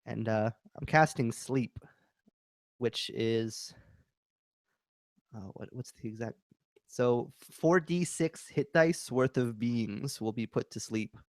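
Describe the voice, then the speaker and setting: A man's voice: mid-range voice, slow, no room sound. A man speaks as a player in a tabletop game, his voice dry and close with no room around it. He describes his character's actions at length and wanders through filler words.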